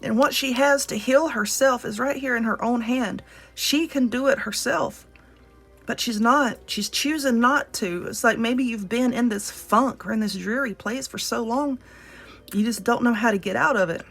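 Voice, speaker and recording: A woman's voice: on the high side, moderate pace, vocal fry, fairly bright tone, slightly rough, soft background music. A woman with a Southern US accent giving a casual spoken card reading, talking earnestly and directly to the viewer. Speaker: tarot reader.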